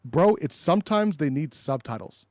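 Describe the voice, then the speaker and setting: A man's voice: fairly high pitch, lively intonation, moderate pace, a little mellow, no echo. A man hosting a casual crypto chat from home, loose and joking, swearing now and then. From Minnesota. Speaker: crypto stream host. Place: home, rural.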